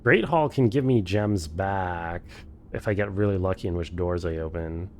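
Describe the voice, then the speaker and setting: A man's voice: low-pitched, moderate pace, slight background noise. A man streaming a game for the first time, thinking aloud, swearing freely and chatting with his viewers. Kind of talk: casual live-stream commentary.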